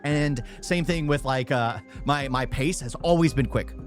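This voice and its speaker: A young man streaming a reaction video, talking fast and loud, stuttering and repeating himself. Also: medium pitch, faint music behind. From United States. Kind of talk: casual reaction commentary.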